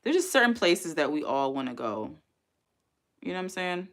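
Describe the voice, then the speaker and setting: A woman's voice: lowish voice, sing-song, normal speed. Chatty woman on a livestream. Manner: chatty, rambling, reads comments aloud. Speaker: livestream host. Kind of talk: casual live-stream chat.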